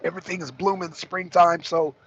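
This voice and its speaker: A hoarse man from the Southern US hosting a casual livestream, chatty, calling viewers y'all and clearing his throat often. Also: high-pitched, little pitch movement, brisk, a bit bright. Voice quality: raspy, gravelly. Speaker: talk show host. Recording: dull lo-fi stream audio.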